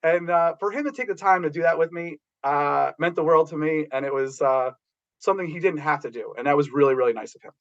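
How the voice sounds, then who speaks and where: A man's voice: a little high, quick pace, dull audio. Rambling middle-aged man telling stories. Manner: rambling, animated storytelling with restarts. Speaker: guest, background actor. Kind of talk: casual anecdote telling.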